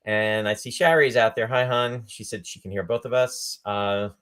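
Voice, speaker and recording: A man's voice: lowish voice, fairly even intonation, normal speed, a bit bright, smooth. A male host chatting on a live video stream, upbeat and talkative, greeting viewers by name. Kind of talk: casual live-stream chat.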